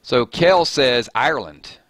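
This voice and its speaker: Southern guy hosting a live chat, bright voice, jokey and self-mocking, dry close sound. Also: mid-range voice, animated, slow, no echo. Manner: chatty, reads viewer comments aloud, joking and self-mocking. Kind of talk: casual live-stream chat.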